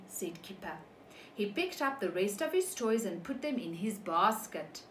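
Preschool teacher, woman, slow expressive storybook reading, roomy echoey sound. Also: on the high side, a little hiss or hum. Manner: slow, animated, asks children questions. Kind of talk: reading a picture book to young children.

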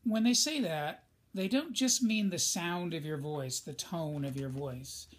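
A man's voice: fairly high pitch, a little slow. A male teacher giving a recorded lesson in a conversational way, speaking straight to his students. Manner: conversational, addresses students directly.

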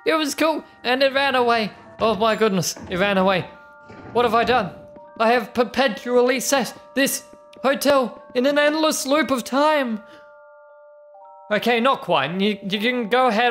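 A young adult woman playing through a video game, chatting playfully and reading the characters' dialogue aloud. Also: fairly high pitch. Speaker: let's play host. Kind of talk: gameplay commentary.

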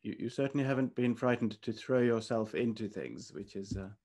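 Halting male host on a call. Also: mid-range voice, darkish tone. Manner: halting, many restarts. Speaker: event host. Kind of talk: hosting an online Q&A.

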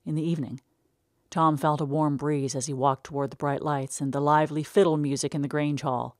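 A woman narrating a short story in a measured, unhurried way. Her voice sits low. The sound is dry and close, as from a studio booth. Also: flat delivery, no echo.

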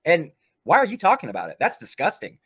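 A man's voice: on the high side, wildly swooping pitch, quick pace, a bit bright, husky. A man hosting a livestream, ranting in a profane, combative way. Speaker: livestream host.

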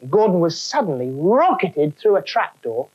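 Low, lively woman reading a storybook. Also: moderate pace, dull audio. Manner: wry, animated. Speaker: narrator. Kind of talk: storybook narration.

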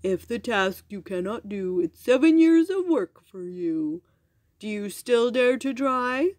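A woman putting on a slow, gloating giant. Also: expressive, a little mellow, dry recording, studio quality. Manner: slow, booming, mocking. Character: boastful male giant, big and gloating. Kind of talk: storybook reading.

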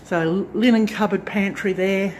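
Medium-pitched, steady, a little slow and a little mellow, this woman's voice comes with slight background noise. The craft channel vlogger casually tours her farm lodge unit, inside and on the back porch, on a handheld phone, rambling and self-correcting throughout.

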